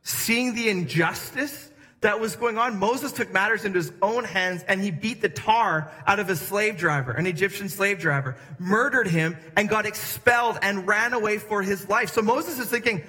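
A man preaching a sermon to a congregation, lively and emphatic, shifting his pace for emphasis. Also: high voice, moderate pace. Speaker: pastor. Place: church hall with congregation. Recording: echoey hall.

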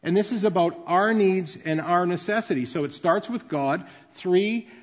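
A male pastor with a fairly high voice delivers a conversational, explanatory sermon. His words ring out with a long reverb in a large church hall. The recording sounds dull and muffled. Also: normal speed.

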